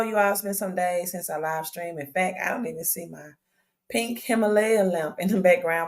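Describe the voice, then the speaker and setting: A woman's voice: lowish voice, moderate pace. A woman with a Southern US accent hosts a casual crypto livestream in a chatty, upbeat way, greeting viewers over and over. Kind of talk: casual live-stream chat. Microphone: own microphone.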